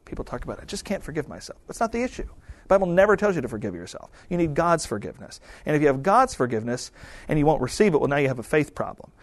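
A man's voice: fairly high pitch, big pitch swings, fast, no echo. A married man preaching a sermon in a conversational style, often acting out quoted prayers and remarks. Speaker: pastor.

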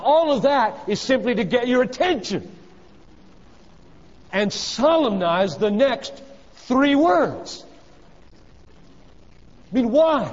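A man preaching a sermon. He swings between loud urgent exhortation and hushed, low phrases. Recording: dull reverberant hall recording.

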